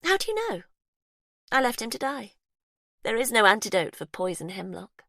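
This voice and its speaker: A woman's voice: on the high side, sing-song, moderate pace, vocal fry, bright, forceful tone, no room sound, studio quality, pitched above the performer's own voice, heavily acted. A woman voicing a cornered, vengeful woman, bitter and wounded, with a shaky confessional way of talking.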